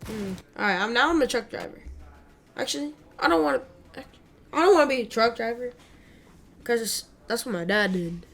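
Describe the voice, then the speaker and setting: A woman's voice: on the high side, lively intonation, moderate pace, creaky, long pauses, fairly bright tone. A young woman giving casual, rambling commentary while playing a driving game, yelping and shrieking at the crashes. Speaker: gamer.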